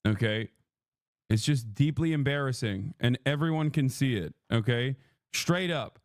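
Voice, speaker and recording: A man's voice: medium pitch, unhurried, no echo, clean studio sound. A man livestreaming a heated, profane rant. He keeps mocking his critics with sarcastic impressions. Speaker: political livestreamer. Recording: played clip inside a reaction stream.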